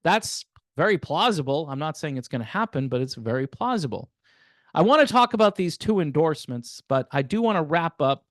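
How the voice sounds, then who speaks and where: A man's voice: fairly high pitch, no room sound, studio quality. A man hosting a casual political commentary monologue, sarcastic and wry, chuckling and talking straight to his viewers. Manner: conversational, addresses viewers directly.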